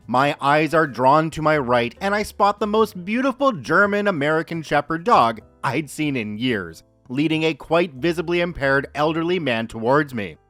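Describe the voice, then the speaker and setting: Lively, higher-voiced male story narrator. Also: normal speed, hardly any pauses, no room sound, faint music behind. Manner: lively, expressive reading. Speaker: podcast host reading stories. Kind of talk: narrating Reddit stories.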